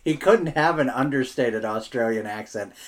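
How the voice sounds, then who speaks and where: A man co-hosting a casual sports podcast, recapping game highlights in a laid-back, joking way and laughing often. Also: moderate pace. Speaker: co-host.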